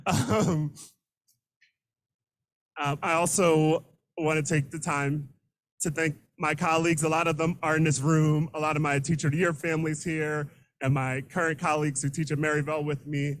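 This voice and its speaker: A man's voice: on the high side, level tone, slight background noise, low-quality recording. Emotional middle-aged man thanking students. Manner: emotional, halting, repeats words, laughs often. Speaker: teacher giving acceptance speech. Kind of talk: unscripted acceptance speech. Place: room full of students and colleagues. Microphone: handheld microphone.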